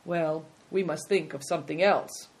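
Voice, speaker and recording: A woman's voice: sits low, normal speed, a little mellow. Little Snowbird, a polite country boy, as a woman reads him. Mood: earnest. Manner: polite and earnest. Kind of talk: storybook read-aloud.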